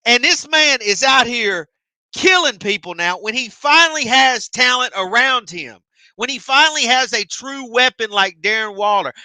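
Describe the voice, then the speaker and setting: A man with a very high-pitched voice co-hosts a casual podcast, ranting emotionally at a moderate pace with no echo. His heated chat is animated and packed with swearing.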